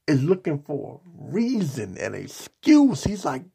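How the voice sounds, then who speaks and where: A man's voice: on the high side, huge pitch swings, unhurried, creaky, few pauses, warm tone, breathy edge. A man delivering a sarcastic, mocking opinion rant on a vlog, hammering his points with repetition and insults. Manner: repetitive, emphatic rhetoric. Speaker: political commentator.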